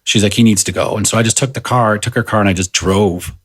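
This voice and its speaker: Low-voiced man telling a personal story. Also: steady tone, slightly rough. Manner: halting, many fillers and restarts. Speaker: podcast guest. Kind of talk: casual conversational storytelling.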